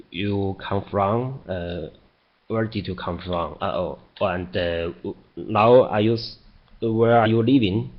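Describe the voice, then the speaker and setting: A man's voice: fairly low pitch, lo-fi sound. A man who is an English student asking his teacher questions hesitantly with many fillers on a video call.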